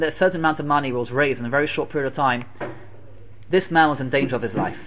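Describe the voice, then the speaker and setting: A man delivers a sermon as a lively story, often repeating phrases for effect. His voice sits a touch higher than most men's, and he mixes Hebrew and Yiddish terms into his English. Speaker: preacher telling a Torah story.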